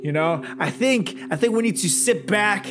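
A man's voice: high voice, lively intonation, normal speed. A man co-hosting a podcast who is not a native English speaker, joking in rambling, self-mocking casual banter. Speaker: podcast co-host.

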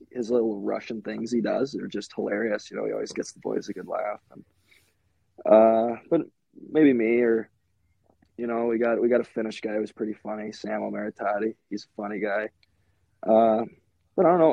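A man's voice: lowish voice, gravelly, dark tone, slightly rough, dry recording, muffled recording. A young man from Minnesota, a hockey goalie, talking in a laid-back casual way as a podcast guest, full of "like" and "you know". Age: young adult.

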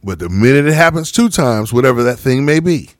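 A man's voice: mid-range voice, fairly quick, no room sound, studio quality. A man co-hosting a podcast in casual chat, telling stories and checking in with "right?". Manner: storytelling, animated, repeats "right?". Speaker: podcast co-host.

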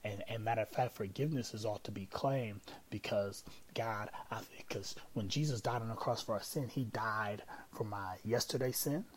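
A man's voice: on the low side, normal speed, few pauses, slight background noise, rough recording. A man hosting a casual teaching podcast on prayer, talking conversationally with many fillers and repeated phrases.

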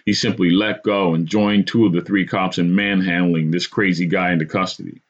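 A man's voice: low voice, fairly even intonation, moderate pace. A man hosting a podcast, telling a true story from his own life in a dramatic first-person style. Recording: dull lo-fi recording.

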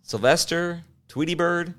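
Rambling, chatty podcast dad. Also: male voice, a little high, unhurried, a bit bright. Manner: rambling, self-interrupting, laughs easily. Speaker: podcast co-host. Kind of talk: casual chat.

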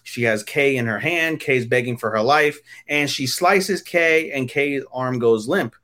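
A man's voice: medium pitch, a little slow, bright, forceful tone. A man co-hosting a podcast, giving crude, rambling episode recaps full of fillers. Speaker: podcast co-host. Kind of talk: casual chat.

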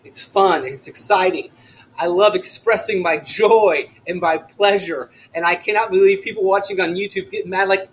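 Podcast host, male, young adult, very high voice, loud and excitable, frequently shouts. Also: moderate pace, rough recording. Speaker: fantasy sports podcast host. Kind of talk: solo podcast talk.

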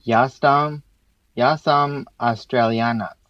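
A man's voice: medium pitch, steady tone, highs cut off. A man co-hosting a podcast lesson, carefully repeating phrases after the teacher. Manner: slow, careful repetition. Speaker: podcast co-host, learner. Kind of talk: casual podcast practice.

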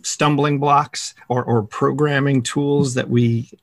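A man's voice: mid-range voice, steady tone, no echo. A male interviewer with a mid-range voice asks long, curious questions, stumbling and restarting as he goes. The recording is dry and close, with nothing heard behind him. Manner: curious, halting, stammering questions. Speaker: host. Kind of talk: conversational interview.

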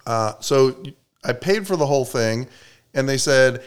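A man co-hosting a podcast, telling stories in an animated way and cursing when irritated. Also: medium pitch, moderate pace, clear, resonant tone. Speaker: podcast co-host. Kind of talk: casual podcast banter.

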